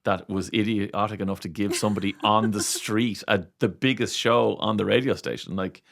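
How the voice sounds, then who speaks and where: A man's voice: lowish voice, moderate pace, creaky. A middle-aged Irish man, a radio presenter, telling stories animatedly in a casual interview. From Ireland. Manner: animated storyteller, acts out quoted voices.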